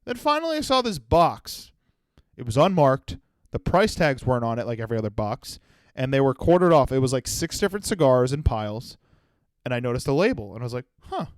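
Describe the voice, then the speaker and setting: A man in his twenties with a medium-pitched voice, recorded dry, hosts a solo comedy podcast. He tells rambling, profane stories.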